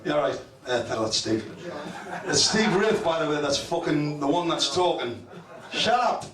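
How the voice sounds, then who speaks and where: A middle-aged man hosting a live interview on stage, cracking crude jokes between questions. His voice sits a bit high for a man. It echoes around the function room from a distant mic, and an audience is heard clearly underneath. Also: expressive, moderate pace. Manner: joking, profane, plugs and asides. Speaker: host, interviewer. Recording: echoey room, far mic, crowd noise.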